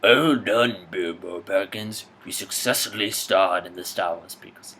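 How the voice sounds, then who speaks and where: A man impersonating a wise, wry old wizard who speaks slowly and teasingly. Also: low voice, a bit bright.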